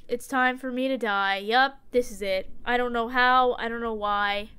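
A woman gaming streamer offers joking running commentary while playing a horror game, talking back to it and screaming at the jump scares. Her voice is a little high, bright, clear and resonant, with a steady, forceful tone at a moderate pace.

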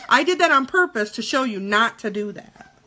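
A woman in her thirties chatting through a casual live makeup tutorial, jokey and quick to swear. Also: fairly high pitch, animated, a crowd in the background. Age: 30s.

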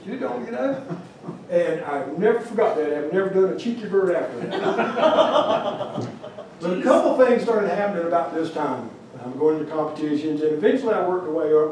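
A fairly high-pitched man with a darkish tone lectures at a museum about his carving work as a wildlife carver. His storytelling is humorous and rambling with many restarts, and the room echoes around a distant mic.

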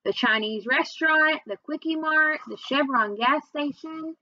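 Woman reader, expressive first-person storytelling, slightly high voice, muffled dry recording. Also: measured pace. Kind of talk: reading a children's novel aloud.

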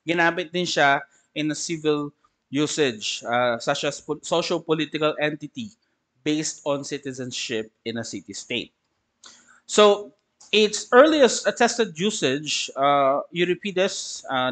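A man's voice: on the high side, fairly bright tone. A man with a Filipino accent, a pastor teaching a church Bible class, reading definitions aloud and then explaining them in a conversational way. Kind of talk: church Bible lesson, mixing English and Tagalog.

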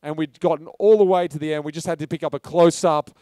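A man's voice: fairly high pitch, fairly even intonation, fast, dark tone, no room sound, studio quality. A man, a film director telling a loose, chatty anecdote at a live talk in a pub. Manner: casual storytelling, loose and chatty. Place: pub function room.

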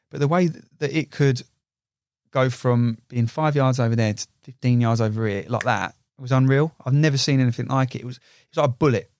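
Young angler, guest on a podcast, excitable and chatty, dry sound. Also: male voice, medium pitch, no room sound. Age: young adult. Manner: excitable storyteller, swears, uses "you know" a lot. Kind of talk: casual chat.

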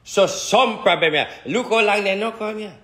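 Jamaican man, fairly high voice, joking rambling delivery, echoey room. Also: moderate pace. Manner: joking, rambling, loud bursts of laughter and shouting. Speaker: spiritual reader. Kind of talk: casual live talk.

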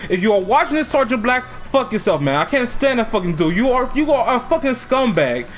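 A male streamer ranting profanely during a fighting game, shouting in frustration. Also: very high voice, very animated, fairly quick, a little hiss or hum. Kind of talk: angry gaming stream rant.

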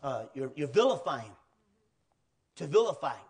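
A pastor preaching a sermon in a loose, colloquial way, with asides and questions to the congregation. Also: male voice, mid-range voice, sing-song, measured pace, a little mellow, slightly rough.

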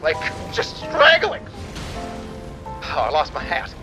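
A man in his thirties streams a game, his fairly high voice leaping all over the place. He rants and swears in exasperation, and faint game music plays behind him. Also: slow pace. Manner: exasperated, swearing, animated ranting. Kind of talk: live gaming commentary.

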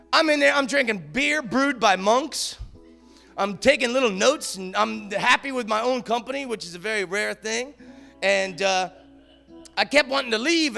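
On a theater stage, a male comedian does stand-up storytelling, rambling through loose tales and constantly ending lines with "man." His voice sits high for a man with a gravelly edge, and the tone is bright and sharp.

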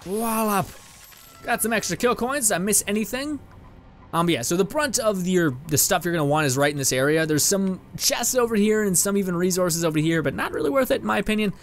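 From a home setup with a green screen and lights, a young Canadian gaming host talks fast in a high, expressive voice. His let's-play commentary is casual and rambling, full of laughter and offhand swearing.

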